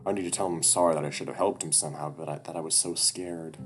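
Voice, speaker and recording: A man's voice: rumbling low, fairly even intonation, fast talker, slight background noise. A man reading a visual novel aloud in a casual way, swearing and breaking off for his own asides.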